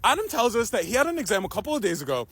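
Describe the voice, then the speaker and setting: Young man, high-pitched, animated storyteller, swears and laughs easily. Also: racing, a little hiss or hum. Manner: animated, swears freely, laughs through the telling. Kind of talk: casual storytime.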